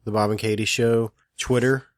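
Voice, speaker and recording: A man's voice: lowish voice, flat delivery, normal speed, no echo, studio quality. A man co-hosting a podcast in casual chat, teasing and easygoing, often breaking into laughter. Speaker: podcast co-host.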